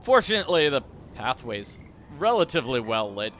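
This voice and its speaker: A man chatting through a mystery game in a goofy, self-deprecating way. His voice is bright and animated, with a faint hiss of noise underneath. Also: medium pitch, a little fast. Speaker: let's-play host. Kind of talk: casual gameplay commentary.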